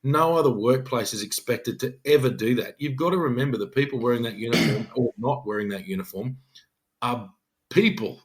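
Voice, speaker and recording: A middle-aged man with an Australian accent, speaking at an ordinary mid pitch. He tells an emphatic, earnest podcast story as a police detective sergeant, often acting out what he said back then. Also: brisk, a little hiss or hum. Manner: earnest, emphatic, acts out his own quoted speech.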